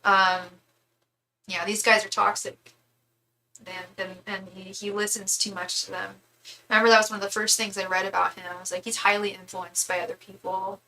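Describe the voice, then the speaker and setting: A woman's voice: medium pitch, little pitch movement, normal speed, pushed and bright, a little hiss or hum, rough recording. A young woman giving a casual live tarot reading, chatty and candid, thinking aloud with frequent restarts. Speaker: tarot reader.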